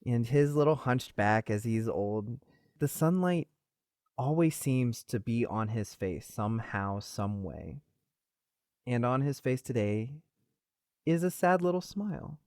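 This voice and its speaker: Man, game master narrating, relaxed, mid pitch, dry sound. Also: a little slow, no room sound. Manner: relaxed, descriptive storytelling.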